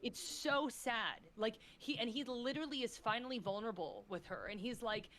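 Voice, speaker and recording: A woman talks at a medium pitch as a podcast guest, gushing and getting emotional as she goes. She swears freely and peppers everything with "like." Her delivery is casual, excitable chat. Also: fairly quick. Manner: effusive, swears freely, fillers of "like".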